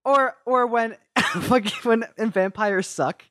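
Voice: medium pitch, slow pace, a bit bright, no room sound, clean studio sound. A person chatting casually, laughing often and telling crude jokes in put-on voices. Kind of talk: casual podcast chat.

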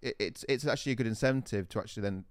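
Brief: brisk male co-host, dry close sound. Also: mid-range voice, clean tone, no room sound. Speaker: podcast co-host. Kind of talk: casual chat.

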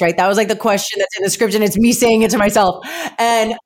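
A woman's voice: mid-range voice, steady tone, fast talker. A young adult woman hosting a podcast, talking casually and emotionally with lots of "like". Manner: chatty, heavy use of "like", emotional. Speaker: podcast host. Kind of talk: casual podcast chat and read ad.

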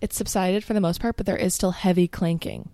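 Groggy, gravelly young woman chatting. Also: fairly low pitch, fairly even intonation, brisk, mellow, dry recording. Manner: chatty, laughing often, many "like" fillers. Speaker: podcast co-host. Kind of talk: casual chat.

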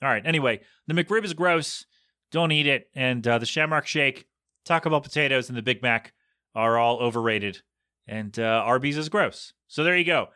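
Bright-voiced man rambling on his podcast. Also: mid-range voice, normal speed, clean tone, no room sound, clean studio sound. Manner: chatty, jokey, rambling. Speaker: podcast host. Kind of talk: casual solo rambling.

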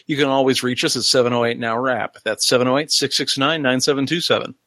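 A man's voice: mid-range voice, fairly even intonation, fast talker, fairly bright tone, no room sound. A middle-aged man co-hosting a casual podcast, leading the wrap-up and reading out contact details. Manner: wraps up the show and reads out contact details. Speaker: podcast co-host.

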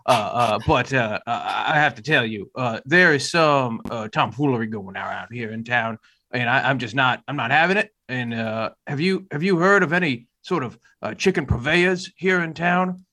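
A man's voice: medium pitch, normal speed, bright, forceful tone. A man playing a hot-tempered Southern father in a tabletop game, with a stammering, folksy drawl and a put-on Southern accent. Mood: agitated. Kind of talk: tabletop role-play.

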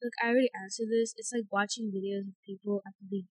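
A woman's voice: medium pitch, fairly even intonation, fast talker, a little mellow, dry recording. A teenage girl co-hosting a casual podcast chat, rambling with lots of fillers and giggles. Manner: chatty, filler-heavy, giggly. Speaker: podcast co-host.

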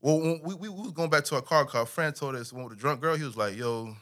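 A young man casually telling a story in an animated, slangy way, full of restarts and repeats. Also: a little high, fast talker.

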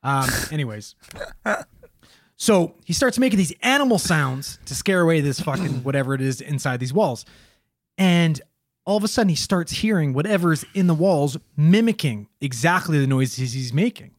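A man's voice: on the high side, expressive, moderate pace, dry recording, clean studio sound. A man casually telling a story on a podcast, swearing a lot in a loose, joking way.

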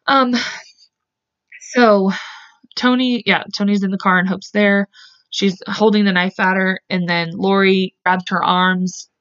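A woman's voice: mid-range voice, steady tone, measured pace, a bit bright. A woman hosting a podcast, casually recounting a true-crime case, rambling and correcting herself, swearing freely. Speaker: podcast host. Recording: dull lo-fi podcast audio.

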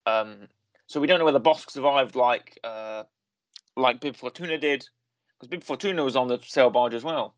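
A man's voice: mid-range voice, normal speed, no echo. A man hosting a casual review conversation, talking in a rambling way and often correcting himself with fillers. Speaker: podcast host reviewing a series.

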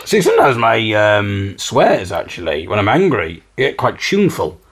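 A man's voice: on the low side, huge pitch swings, moderate pace, breathy edge. A man hosting a podcast, chatting casually with a wry, self-mocking manner. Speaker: podcast host. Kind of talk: casual chat.

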